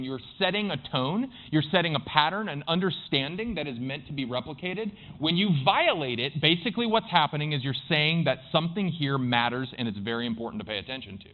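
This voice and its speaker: A man giving a playful conference talk from a stage, joking with the audience. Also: fairly high pitch. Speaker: conference speaker. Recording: dull lo-fi conference recording.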